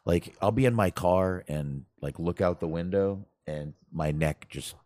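A man's voice: sits low, unhurried, darkish tone, no echo, clean studio sound. A man co-hosting a podcast in casual chat, rambling and making self-deprecating, salty jokes. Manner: salty, profane humor. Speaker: podcast co-host.

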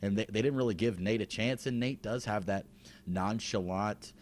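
A man's voice: on the low side, normal speed, slight background noise. A man co-hosting a podcast, talking in a laid-back, wry way with frequent restarts. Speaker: podcast co-host. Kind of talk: casual recap chat.

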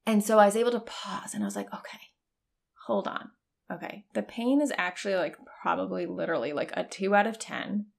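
Woman in her thirties, podcast host type, loose and candid, some vocal fry, mid pitch. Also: brisk. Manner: chatty, frequent "like" fillers, candid with swearing and laughs. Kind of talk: casual personal storytelling.

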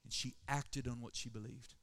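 A man's voice: mid-range voice, steady tone, moderate pace, fairly bright tone. Emphatic man preaching a sermon. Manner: emphatic preaching, calls for Amen. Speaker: pastor.

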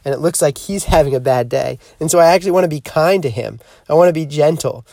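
A man hosting a podcast, giving a reflective spiritual teaching in a measured, earnest way that slows down to stress key points. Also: on the high side, vocal fry, warm tone, no room sound, studio quality. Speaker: podcast host.

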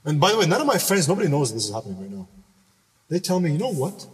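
A man's voice: fairly high pitch, big pitch swings, very fast, in a large hall, distant mic. A young man from Canada telling a personal story in casual podcast chat, rambling with many restarts and asides.

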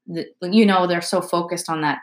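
A woman, a nurse co-hosting a casual chat, animated, laughing often and swearing now and then. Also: fairly low pitch, moderate pace. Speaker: nurse, co-host.

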